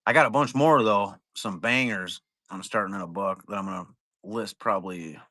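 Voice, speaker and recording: Bright-voiced man rambling on a livestream. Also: on the low side, normal speed, no echo, studio quality. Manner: rambling, profane, laid-back. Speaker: trading card break seller. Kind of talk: casual livestream chat.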